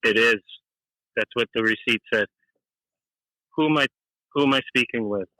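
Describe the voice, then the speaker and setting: A man playing a shy, awkward caller who speaks in a halting, hesitant way in an improvised comedy sketch. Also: mid-range voice, sharp tone, no echo, close to an everyday voice, poor audio.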